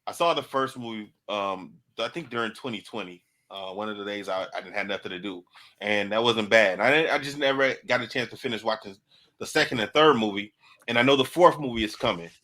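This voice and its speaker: A man's voice: lowish voice, fairly quick, sharp tone. A man hosting a casual podcast who stammers and repeats words as he starts a point. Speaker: podcast host running the board. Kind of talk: casual chat.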